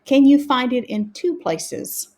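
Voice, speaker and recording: A woman teaching a reading lesson to young learners, sounding out words slowly and carefully. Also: high voice, expressive, darkish tone.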